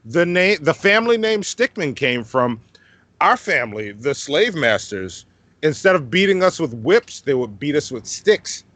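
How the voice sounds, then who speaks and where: A man's voice: on the high side, sing-song, unhurried, fairly bright tone, no room sound, low-quality recording. A man co-hosting a live-streamed music talk show, brash and jokey, repeating himself, close on a mic that runs hot. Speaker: podcast co-host. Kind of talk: casual live-stream chat. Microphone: close studio mic, running hot.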